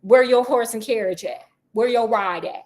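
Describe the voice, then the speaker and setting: A rough old ex-convict, blunt and grateful, talking in loose slang as he lays out his plans, with a woman putting him on in her own fairly high voice. He sounds like a man in a casually retold story. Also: normal speed, a little mellow, natural voice. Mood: earnest. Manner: slangy, plain-spoken.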